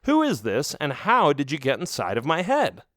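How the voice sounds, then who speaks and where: A man's voice: fairly high pitch, huge pitch swings, normal speed, fairly bright tone, no room sound, studio quality, pitched above the performer's own voice. A man voicing a young male skeleton hero in a children's audiobook, urgent and agitated. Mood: alarmed.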